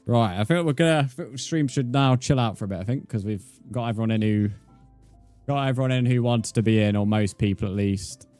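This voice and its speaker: A man chats casually with viewers during a game livestream, calling them mate in his relaxed, talkative way. His mid-range voice has a darkish tone and a slightly fast pace, with soft background music.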